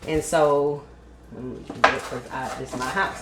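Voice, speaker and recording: A woman's voice: extremely low pitch, steady tone, slow, heavy background noise. A woman hosting a casual home cooking demonstration, chatting straight to her viewers as she works at the stove. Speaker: home cook host. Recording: echoey kitchen with frying sizzle.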